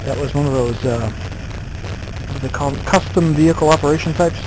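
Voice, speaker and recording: A man in his thirties talks through a casual vlog story, wandering from point to point with lots of fillers. His voice sits a little on the high side. A faint hum of noise lies under it. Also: normal speed. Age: 30s. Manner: rambling, self-deprecating, many fillers. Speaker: vlogger.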